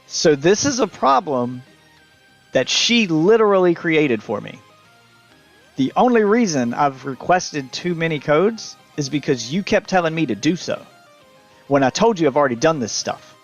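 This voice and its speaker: A man's voice: fairly high pitch, normal speed, dull audio, faint music behind. Exasperated man ranting to his stream. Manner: exasperated, animated ranting with restarts. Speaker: live streamer. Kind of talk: casual ranting story to a live chat.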